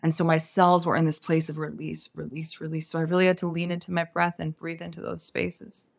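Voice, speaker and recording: A woman, a guest on an interview show, telling a personal story in a soft, unhurried, earnest way. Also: low voice, little pitch movement, gravelly.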